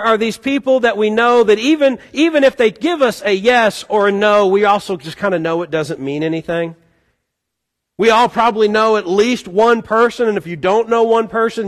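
A middle-aged male pastor preaching a conversational, joking sermon, acting out the voices of the people he quotes. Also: sits high. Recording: long hall reverb.

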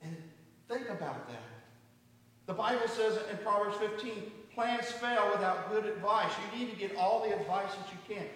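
High-voiced middle-aged preacher in echoey hall. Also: male voice, lively intonation, moderate pace, fairly bright tone, far from the mic. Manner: earnest, asks the room rhetorical questions. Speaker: pastor. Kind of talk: sermon.

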